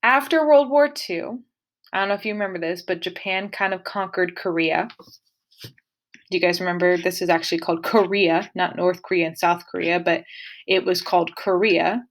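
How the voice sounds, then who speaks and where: A woman's voice: on the low side, steady tone, moderate pace. Woman, history teacher, casual classroom lecture, playful, dramatic asides.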